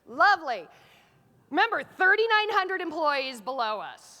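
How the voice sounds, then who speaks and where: A middle-aged woman speaks from a conference stage in a strikingly high, bright, forceful voice. She tells a story with lots of drama, acting out her own frantic self-talk. She jumps between loud exclamations and quiet, hushed asides. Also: lively intonation, brisk. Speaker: keynote speaker. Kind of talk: animated storytelling keynote.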